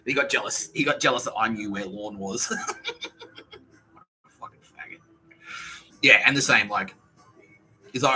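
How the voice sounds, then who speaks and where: Sweary man ranting, bright edge. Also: lowish voice, a little slow, pauses often, soft background music, rough recording. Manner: profane, ranting, acts out quoted dialogue in brief voices. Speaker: podcast host. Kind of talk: casual podcast monologue.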